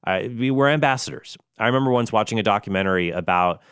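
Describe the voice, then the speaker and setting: Smooth, dry-voiced male commentary host. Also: lowish voice, fast, fairly bright tone, dry recording. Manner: earnest, explanatory, with bursts of sarcasm and mock British impressions. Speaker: Catholic apologetics show host. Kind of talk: solo commentary show.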